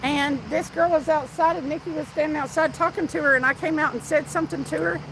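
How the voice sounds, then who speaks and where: A woman's voice: high-pitched, steady tone, fast talker, noisy background. A woman with a Southern US accent, hosting a casual fishing live stream outdoors, chatting with viewers and telling stories. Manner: chatty, reads out viewer comments and tells stories. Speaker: fishing livestream host.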